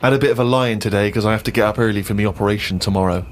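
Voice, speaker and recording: A man's voice: fairly low pitch, rapid-fire, a little hiss or hum. A man hosting a podcast, teasing his guest and reading a diary aloud in a mock-serious way. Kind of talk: mocking podcast banter and reading.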